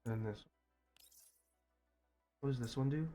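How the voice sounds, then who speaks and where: A man streams a game live and mutters his way through it, swearing whenever a pull goes badly. He talks slowly in a mid-range voice, clearing a scratchy throat now and then, with faint music playing underneath. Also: mid-range voice, dark tone. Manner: frustrated, swearing, muttering to himself. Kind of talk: live gaming stream commentary.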